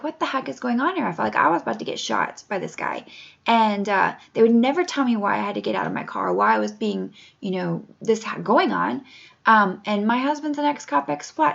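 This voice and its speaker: A woman's voice: a little high, creaky. A woman in her forties telling her own story as a patient advocate, earnest and emotional, close to tears. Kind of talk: personal testimony to camera. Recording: dull lo-fi home recording.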